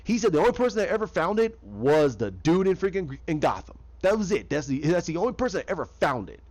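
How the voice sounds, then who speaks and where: A man's voice: on the high side, very animated, fast talker, darkish tone. A man giving casual, rambling fan commentary, often restarting sentences and acting out quotes from scenes.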